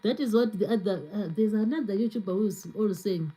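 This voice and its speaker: A woman's voice: medium pitch, fairly quick, mellow, low-quality recording. A woman hosting a cooking livestream, chatting casually, greeting viewers and reading their comments, repeating herself and laughing often. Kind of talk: casual live-stream chat reading comments.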